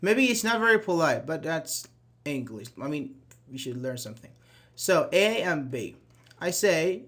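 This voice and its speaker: A man's voice: on the high side, very animated, unhurried, fairly bright tone. A man teaching an online English grammar class, reading example sentences aloud and quizzing his students.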